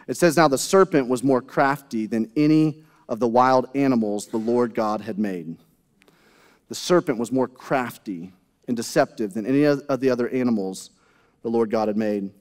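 A man's voice: mid-range voice, moderate pace, a little mellow. A man preaching a sermon as pastor, conversational, with rhetorical questions and asides to the congregation. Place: church sanctuary. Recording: long hall reverb.

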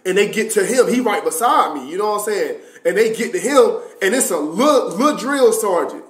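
Animated high-voiced young man telling stories. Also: brisk. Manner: animated, profane, slangy, frequent fillers. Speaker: streamer telling a story. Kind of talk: casual storytelling. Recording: roomy echoey room.

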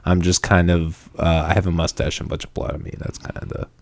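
Low-voiced joking young podcast host man. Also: flat delivery, fast, vocal fry, a little mellow, dry recording. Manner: joking and self-mocking, laughs often. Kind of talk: casual chat. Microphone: studio mic with headphones.

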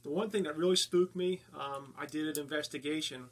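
A man from New Jersey with a North Jersey accent, a paranormal investigator telling of his investigations in a halting way with many fillers. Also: a little high. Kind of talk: casual interview talk.

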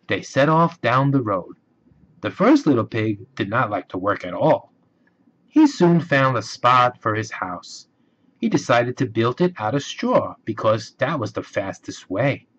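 A man reading a children's storybook aloud, slow and expressive. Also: mid-range voice. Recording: dull lo-fi recording.

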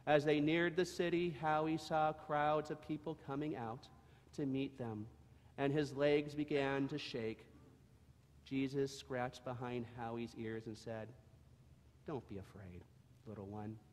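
A man reading a storybook aloud to children in church, expressive and gentle, then leading a prayer. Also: medium pitch, measured pace. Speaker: church leader giving children's message. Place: church sanctuary. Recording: long echo of a church sanctuary.

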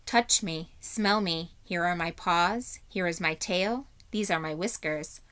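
A majestic, kindly great lion from a children's storybook, as a woman reading aloud puts him on. He speaks slowly and solemnly, lower and fuller than the reader's usual voice, with calm command.

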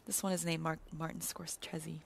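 A Canadian woman who works as a community manager chats casually while streaming a video game. Her voice is low and gravelly, and she's playful and giggly, sometimes dropping into a whisper.

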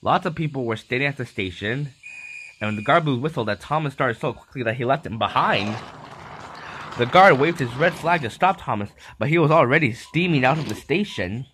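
A man's voice: mid-range voice, fairly quick, a little hiss or hum. Man reading a children's story. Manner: animated read-aloud.

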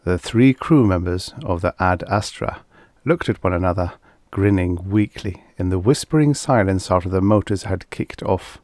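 A man reading a vintage science fiction story aloud as an audiobook narrator, in a measured storytelling manner. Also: deep voice, darkish tone, no room sound, clean studio sound.

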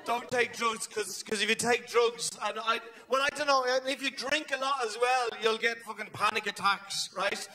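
Manic high-voiced Irish comedian. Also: male voice, normal speed, few pauses. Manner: manic, shouting, acting out characters. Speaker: stand-up comedian. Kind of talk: stand-up comedy. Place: theatre stage before a live audience. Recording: live show with audience noise.

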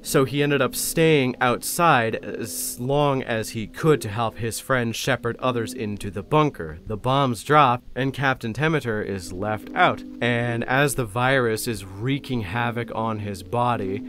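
A man's voice: medium pitch, a little slow, few pauses, a bit bright. A man hosting his own channel, explaining lore in a casual, enthusiastic, rambling way. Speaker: channel host. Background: faint music.

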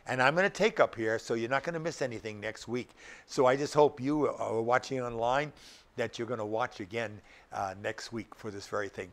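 A man's voice: mid-range voice, fairly bright tone. An older male pastor preaching a sermon, emphatic and often putting rhetorical questions to the congregation.

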